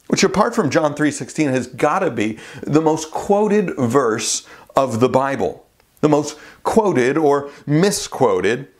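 A man preaching a sermon as pastor, earnest and conversational with playful asides. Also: on the high side.

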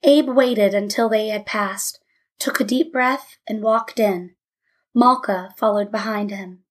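A woman's voice: mid-range voice, slow pace. A woman narrating a story aloud, voicing the dialogue of several characters lightly. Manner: reads all characters in dialogue with light voice changes. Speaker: audiobook narrator. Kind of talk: scripted narration.

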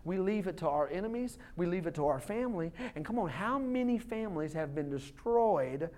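A man's voice: high voice, animated, brisk, darkish tone. A pastor in his thirties preaches to his church. His delivery is chatty and informal, as if talking across a table. He drops into short quoted voices to make his points. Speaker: lead pastor. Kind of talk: sermon. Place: church sanctuary.

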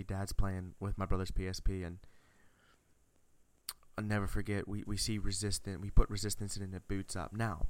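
A young man hosting a podcast tells a nostalgic story in an enthusiastic, rambling way, keeping it a casual storytelling chat. His voice is fairly low in pitch, with a darkish tone.

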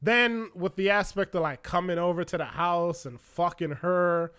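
Young man from Florida, high and clear, animated profane storyteller acting out voices. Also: moderate pace. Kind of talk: casual personal storytelling.

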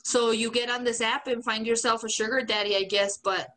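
Bright-voiced woman, casual and swearing. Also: on the high side, steady tone, fairly quick, low-quality recording. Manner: swearing, laughing storyteller. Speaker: podcast co-host. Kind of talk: casual chat.

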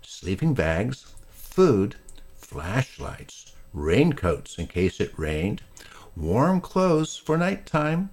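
A man reading a children's storybook aloud, slow and lively, with voices for each character. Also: medium pitch. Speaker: narrator.

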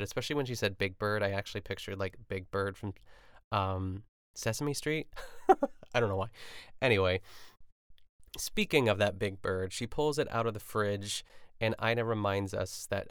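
A man's voice: on the low side, smooth, no room sound, clean studio sound. A young man hosting a podcast, chatting casually and rambling through a cooking show recap with lots of fillers and asides. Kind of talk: casual chat.

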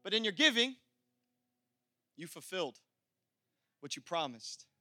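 High, bright-voiced energetic male preacher. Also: measured pace, no echo, studio quality, faint music behind. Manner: energetic, conversational preaching with laughs and repetitions. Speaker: pastor. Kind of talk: sermon.

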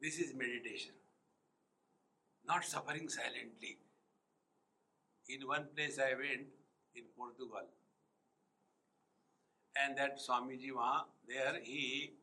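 A man's voice: mid-range voice, pushed and bright, low-quality recording. A man with an Indian English accent giving a spiritual retreat talk, telling anecdotes with humor and chuckling often. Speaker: spiritual teacher. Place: retreat hall.

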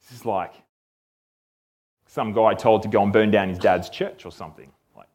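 A man teaching a Bible passage in a relaxed, conversational way, often checking in with "okay?". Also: on the low side, moderate pace. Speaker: preacher.

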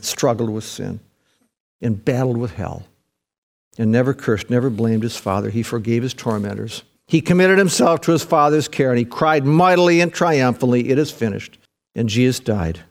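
A man preaching a sermon in a folksy way, swinging from loud fervent peaks to hushed, low passages. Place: church service with a live audience.

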